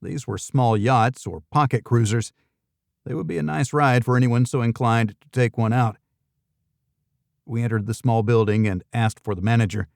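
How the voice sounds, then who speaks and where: Steady male thriller audiobook narrator. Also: medium pitch, moderate pace, creaky, no echo, studio quality. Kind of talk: first-person thriller narration.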